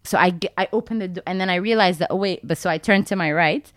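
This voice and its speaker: Young woman, casual storytelling, lowish pitch, dry sound, animated retelling. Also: fast talker, dry recording. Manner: animated, acts out her own lines in a high voice. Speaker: guest telling a story.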